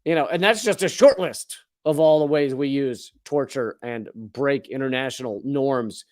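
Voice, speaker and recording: A man in his forties with a medium-pitched, somewhat dark voice talks at normal speed with hardly any pauses. He is a comedian and political commentary host giving a sardonic, profane comedic monologue, riffing on the news with asides.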